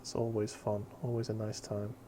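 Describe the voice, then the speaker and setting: A man's voice: fairly low pitch, monotone, normal speed, warm tone, slight background noise. Chatty man hosting a stream. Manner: chatty, swears, fumbles with setup. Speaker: stream host. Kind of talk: casual chat while painting.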